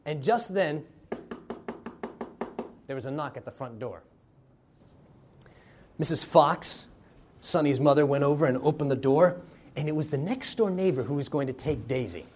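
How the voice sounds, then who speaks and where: A man's voice: fairly high pitch, expressive, normal speed, pauses often, a little hiss or hum. Male preacher telling a sermon story. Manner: dramatic, varies loudness for effect.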